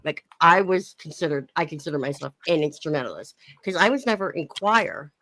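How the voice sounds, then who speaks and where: Chatty woman streamer with lively pitch. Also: a little fast. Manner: chatty, laughs often, reads chat aloud. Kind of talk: casual live-stream chat.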